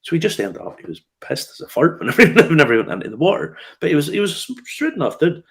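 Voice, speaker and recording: A man's voice: a little high, big pitch swings, fast talker, gravelly, a bit bright. A man hosting a casual whiskey news chat, telling stories with lots of fillers and restarts. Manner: chatty storyteller, laughs often, frequent fillers and restarts. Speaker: host of a whiskey news show.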